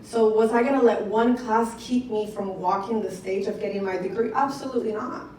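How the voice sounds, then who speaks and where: A young woman giving an excited, conversational testimonial speech to an audience at a business event and talking to them directly. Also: medium pitch, brisk, a little hiss or hum. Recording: echoey room picked up from a distance.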